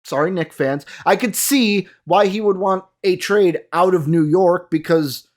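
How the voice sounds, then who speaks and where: A man's voice: sits high, a little slow, a little mellow. A young man hosting a casual solo basketball talk show, chatty and addressing his viewers directly. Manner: chatty, lots of fillers, talks to viewers. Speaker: sports show host.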